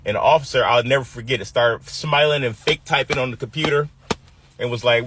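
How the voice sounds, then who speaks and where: A man's voice: mid-range voice, a little fast, pushed and bright, husky. A man in his fifties from the US Midwest, telling a personal story vividly and acting out the quoted voices.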